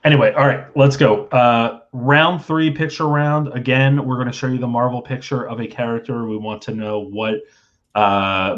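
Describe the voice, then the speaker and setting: Easygoing male trivia host, lo-fi. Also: fairly low pitch. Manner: easygoing, reads questions and jokes between them. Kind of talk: casual live trivia stream.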